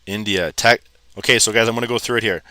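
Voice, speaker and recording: Man from Canada, bright and forceful voice, dry close sound, excited casual live-stream host. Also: on the low side, quick pace, no room sound. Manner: excited, calls viewers bro and man.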